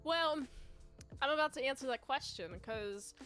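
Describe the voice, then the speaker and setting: A woman's voice: high-pitched, expressive, measured pace, pushed and bright, faint music behind. A woman giving a casual, playful, rambling movie review.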